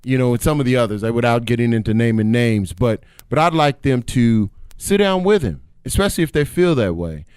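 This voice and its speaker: A man co-hosting a casual sports talk show whose voice shoots up when he gets excited. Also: mid-range voice, fairly quick, few pauses, smooth, no room sound. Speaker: podcast co-host.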